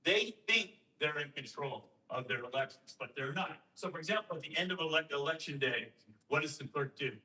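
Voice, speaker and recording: A man talking to a host, explaining and telling a story with emphatic rhetorical questions and lively quoted voices. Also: fairly high pitch, a little fast, far from the mic, poor audio. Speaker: guest speaker on election systems.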